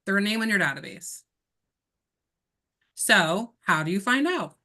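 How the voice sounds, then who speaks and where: Woman coach, punchy and direct, crisp bright tone, mid pitch, heard over a video call. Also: expressive, a little slow. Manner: direct, emphatic, talks straight to listeners. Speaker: real estate trainer. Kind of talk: coaching session.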